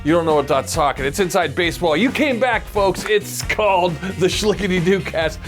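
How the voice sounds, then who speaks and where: A man's voice: high voice, moderate pace, few pauses, soft background music. A man hosting a podcast in casual chat, jokey and rambling, laughing often. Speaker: podcast host.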